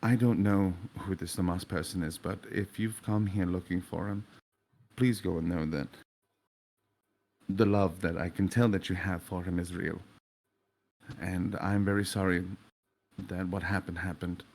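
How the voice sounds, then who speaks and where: A man doing a soft-spoken, consoling young man. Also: deep voice, fairly even intonation, measured pace. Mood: gentle consoling. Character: calm, gentle young man comforting a stranger.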